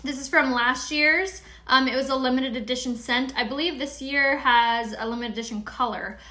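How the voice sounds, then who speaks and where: Bright-voiced chatty woman from San Diego. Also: high voice, steady tone. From San Diego, California. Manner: chatty, rambling, quick asides to viewers. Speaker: beauty product seller and live-streamer. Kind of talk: casual live-streamed makeup tutorial.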